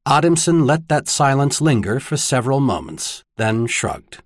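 Man, audiobook narrator, husky tone, lively expressive reading. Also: mid-range voice, moderate pace, hardly any pauses, dry recording, clean studio sound. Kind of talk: scripted narration.

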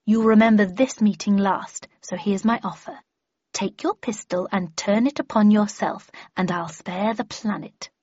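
A cold, mocking female villain, as a woman reader puts her on sneers through her lines. The voice is slightly husky and louder than the narration. The recording is dry and a little dull. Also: medium pitch, a little slow, no room sound. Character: smug female villain who erases memories.

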